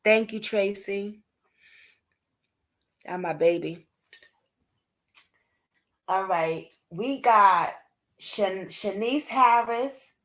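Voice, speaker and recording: A woman hosting a casual livestream at home at night, chatting to her viewers and reacting to their comments as she goes. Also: mid-range voice. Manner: chatty, talks straight to viewers and reads out comments. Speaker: livestream host discussing unsolved cases. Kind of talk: casual live-stream chat.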